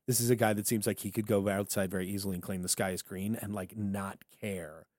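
A man co-hosting a podcast in casual political banter, animated and jokey, slipping into funny voices for quotes. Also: lowish voice, fairly quick, no echo. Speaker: podcast co-host.

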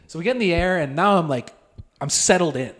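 A man's voice: on the high side, lively intonation, fairly bright tone. A young man co-hosting a podcast, telling a rambling story full of "like" and quoting the people he talked to. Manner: fast, rambling, heavy on "like". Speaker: podcast co-host. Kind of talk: casual storytelling chat.

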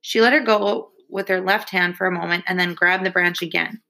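Female audiobook reader, steady and measured, with a low, forceful voice. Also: creaky. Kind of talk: audiobook reading.

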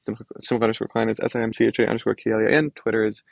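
A man's voice: on the low side, monotone, racing, gravelly, no echo, dull audio. A young man hosting a solo podcast, telling a frustrated story in a casual, rambling way full of fillers. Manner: ranting, frustrated, many "like" fillers. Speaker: podcast host.

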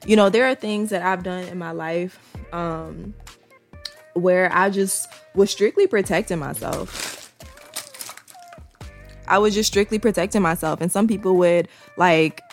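A woman talking candidly to her viewers in a casual monologue, swearing freely and repeating key lines for emphasis. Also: lowish voice.

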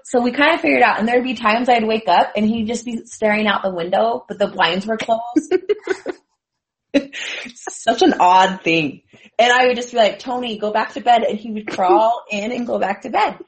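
Giggling woman telling a funny story. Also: on the high side. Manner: laughs through her story, breathless giggling. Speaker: storyteller in group chat. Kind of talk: casual chat.

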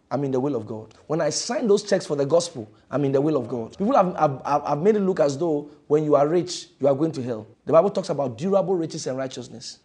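A male pastor preaching a fervent sermon in a church, repeating phrases and swinging between loud declarations and hushed lines. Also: mid-range voice, slightly rough.

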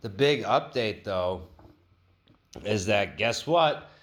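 A man's voice: lowish voice, expressive, slow, a bit bright. A man hosting a podcast, telling a rambling, profane, joking story in a casual way. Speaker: podcast host.

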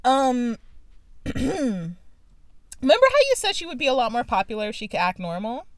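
A woman's voice: fairly high pitch, big pitch swings, normal speed, no echo, clean studio sound. A young woman co-hosting a podcast, chatting and gossiping casually with many fillers and restarts. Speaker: podcast co-host. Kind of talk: casual chat.

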